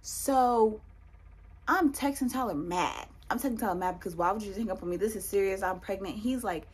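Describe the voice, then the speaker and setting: A young woman telling a personal story in a storytime vlog, animated and repeating lines for emphasis. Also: mid-range voice, a little fast, breathy edge. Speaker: vlogger.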